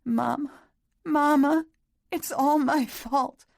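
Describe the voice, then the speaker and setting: Woman reader doing a distraught young woman, high childlike wail, audiobook romance. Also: slow pace.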